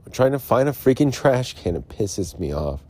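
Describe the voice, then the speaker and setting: A man's voice: medium pitch, sing-song, normal speed, dark tone, slightly rough. A man hosting a solo podcast, rambling and frustrated, mumbling and repeating himself. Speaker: podcast host. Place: Arizona.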